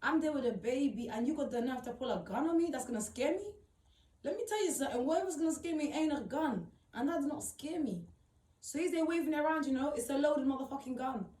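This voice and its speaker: A woman's voice: high-pitched, expressive, quick pace, mellow, distant mic. A woman tells her own story in emphatic, repetitive, slang-heavy talk. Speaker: storyteller recounting her experience. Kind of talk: personal storytelling. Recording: roomy, voice off-mic.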